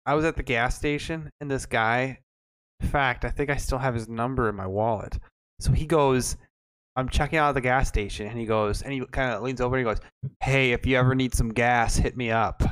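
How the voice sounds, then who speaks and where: A man's voice: mid-range voice, brisk, fairly bright tone, clear, resonant tone. A man hosting a podcast, telling stories in a laid-back casual chat. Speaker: podcast host.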